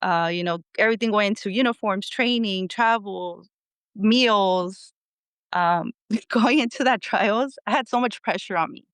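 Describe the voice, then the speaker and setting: Chatty woman guest with a smooth voice. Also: mid-range voice, unhurried, fairly bright tone, dry recording. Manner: chatty, laughs often, acts out quotes of family and coach. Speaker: podcast guest, former national team athlete. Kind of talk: casual storytelling interview.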